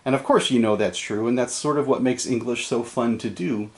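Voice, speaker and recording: A man's voice: mid-range voice, brisk, a little mellow. Man, middle-aged, English teacher, chatty lecture, jokey, lots of ums, classroom. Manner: chatty, joking, with many ums and uhs. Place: classroom with a board behind him.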